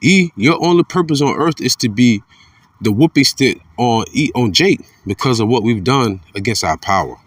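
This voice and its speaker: A man giving an informal religious commentary monologue. He is blunt and profane, repeats himself, and swings between fired-up outbursts and low muttering. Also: animated, moderate pace, dry recording, recorded from a distance.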